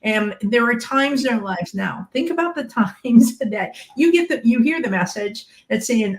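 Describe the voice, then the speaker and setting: A woman's voice: on the high side, animated, normal speed, few pauses. A woman who is a shamanic medium, explaining teachings on a podcast panel with plenty of everyday examples.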